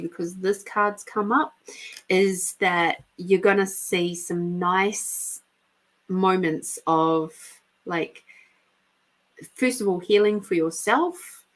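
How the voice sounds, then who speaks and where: A middle-aged woman hosting a live spiritual reading podcast, talking frankly, swearing freely and laughing often. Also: mid-range voice. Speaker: intuitive reader and podcast host. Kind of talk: casual spiritual guidance talk.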